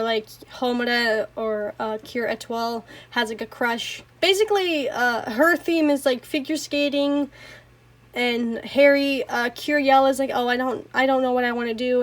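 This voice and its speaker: Young-sounding woman with a high voice, ranting about shows at home, lots of swearing and "like", laughs a bunch. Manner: swears a lot, rambling, apologetic, laughs often. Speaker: anime reviewer. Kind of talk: casual rant.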